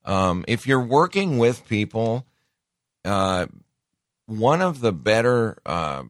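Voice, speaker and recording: Guy preaching casual, deep voice, lots of um and you know, dry mic. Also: very animated, slow, no echo. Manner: conversational, folksy, with many fillers and asides. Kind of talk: casual sermon.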